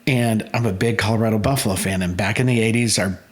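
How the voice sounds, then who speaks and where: A man in his forties telling lively stories as a guest in a casual interview, acting out the voices of people in them. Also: on the low side, fast talker. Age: 40s. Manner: animated storyteller, acts out quoted voices. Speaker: guest, food truck owner.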